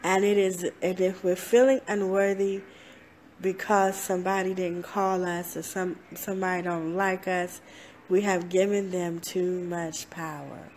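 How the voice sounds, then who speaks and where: A woman's voice: lowish voice, flat delivery, darkish tone, a little hiss or hum. A woman life coach giving a motivational talk, earnest and repetitive, breaking into laughs now and then. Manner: slow, repetitive, earnest, with laughs and playful self-talk voices.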